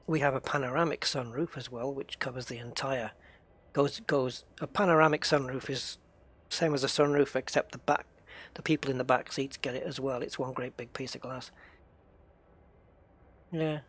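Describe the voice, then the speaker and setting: A man's voice: medium pitch, fairly even intonation, moderate pace, a bit bright, breathy edge. A man with an English accent, a game streamer chatting casually with viewers during a live stream and musing aloud as he plays. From United Kingdom.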